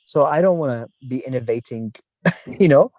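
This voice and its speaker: A man's voice: medium pitch, normal speed, a little mellow, dry recording. A middle-aged man from the Middle East, talking casually in an interview, rambling and musing with frequent restarts.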